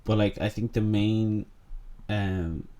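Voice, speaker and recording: A man's voice: lowish voice, steady tone, slow, mellow, clear, resonant tone. A young man co-hosting a podcast in casual chat, laid-back and hesitant, with many ums and likes. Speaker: podcast co-host.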